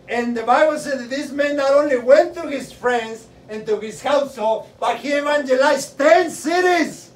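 A man preaching a sermon with fervor, repeating a rhetorical question and building up to shouting. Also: extremely high pitch, lively intonation, normal speed. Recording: roomy echo, mic at a distance, faint noise.

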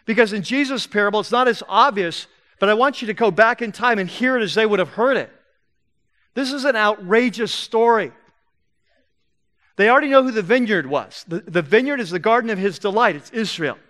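A man preaching a sermon in a church, swinging between loud emphatic bursts and low, soft passages. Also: expressive, a little fast. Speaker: pastor. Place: church sanctuary.

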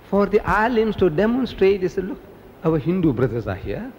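An older man from South Africa giving an animated public lecture, telling stories and mimicking the people in them. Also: high voice, a little fast, long reverb tail, a little hiss or hum. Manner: animated storytelling, mimicking others. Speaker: preacher.

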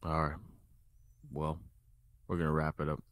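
Deep dry-voiced podcast host. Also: male voice, monotone, normal speed, a bit bright, dry recording. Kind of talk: casual chat.

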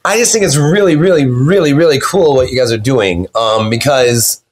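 A man, a podcast guest on a video call, telling rambling stories in an excitable way and acting out the quotes. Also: mid-range voice, moderate pace. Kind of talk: animated storytelling in an interview.

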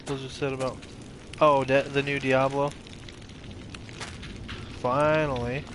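A man's voice: mid-range voice, level tone, slow pace, fairly bright tone, a little hiss or hum. A young man streaming a horror game, swearing and reacting with jumpy, casual commentary. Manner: profane, jumpy reactions, talks to himself. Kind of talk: casual let's-play commentary.

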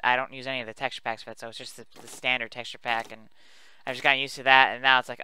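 A man's voice: medium pitch, flat delivery, quick pace, sharp tone, clear, resonant tone, no echo. A man giving casual, rambling commentary while building in a video game, chatty and self-mocking as he talks to his viewers. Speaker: let's play host.

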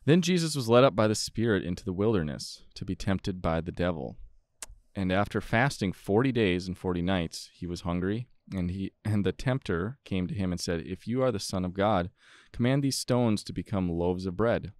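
Deep-voiced man reading scripture. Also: moderate pace, dry recording. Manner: steady, plain reading with small stumbles. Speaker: podcast co-host.

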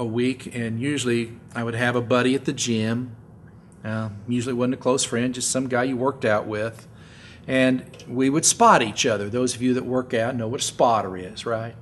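A man's voice: medium pitch, slight background noise. A man preaching a sermon in church, talking with the congregation and acting out what people say, often asking "right?". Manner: acts out quoted voices with swings between loud and soft; conversational, repeats words and asks the audience "right?". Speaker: pastor. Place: church sanctuary.

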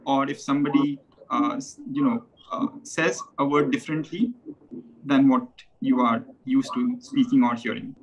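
A man's voice: mid-range voice, fairly even intonation, moderate pace, slightly rough, rough recording. A man with an Indian English accent, a guest in a casual conversation, explaining things carefully step by step and often restarting his sentences.

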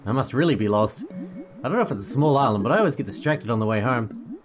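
A man's voice: mid-range voice, animated, fast, a crowd in the background, lightly acted. Brief: dreamy, apologetic lost traveler, mildly embarrassed, read by a man in plain game-dialogue reading. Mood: sheepish. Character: lost, embarrassed wandering adult stranger.

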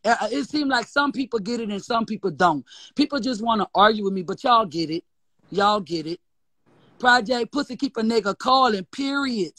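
On a live stream, a guest with a New Orleans accent goes on a heated, profane rant, defiant and mocking as he repeats insults. His medium-pitched, slightly bright voice moves at a normal speed, with no room sound.

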